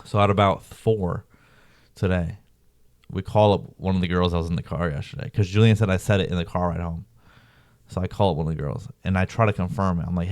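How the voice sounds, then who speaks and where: Low-voiced young man rambling casually. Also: fast, darkish tone, no echo, studio quality. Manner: rambling, slangy, lots of "bro" and "like". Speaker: vlogger. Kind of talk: casual storytelling.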